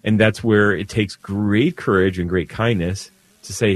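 A man's voice: sits low, steady tone, normal speed, hardly any pauses, dry recording. A man, a Catholic priest, hosting a call-in radio advice show and talking things through conversationally, often restarting his sentences. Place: radio studio.

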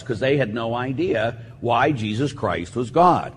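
A man's voice: mid-range voice, normal speed, few pauses, a little hiss or hum. A man, a priest, preaching a homily and telling stories, acting out the voices of the people in them. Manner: lively storytelling, acts out voices of kids. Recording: long echoing hall reverb.

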